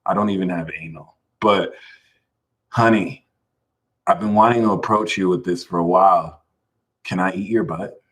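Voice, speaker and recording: A man's voice: low-pitched, normal speed, pauses often, fairly bright tone, rough recording. A man hosting a casual livestream, talking animatedly, laughing a lot and reading viewers' names from the chat. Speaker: livestream host.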